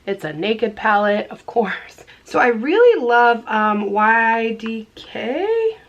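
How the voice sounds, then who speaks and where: A woman's voice: on the high side, very animated, slow pace, muffled recording. Bubbly woman doing makeup chat. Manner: chatty and bubbly, laughing often. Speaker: beauty vlogger. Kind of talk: casual get-ready-with-me chat.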